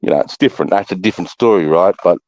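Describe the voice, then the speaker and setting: A man's voice: sits low, very fast, darkish tone, no echo, low-quality recording. An Australian man hosting a livestream, rambling through a casual chat with plenty of swearing. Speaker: livestream host.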